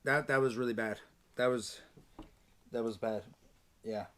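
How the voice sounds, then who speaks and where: A man's voice: mid-range voice, steady tone, unhurried, fairly bright tone. A middle-aged man, a dad hosting a casual family challenge vlog, chatty and exclamatory, often repeating himself.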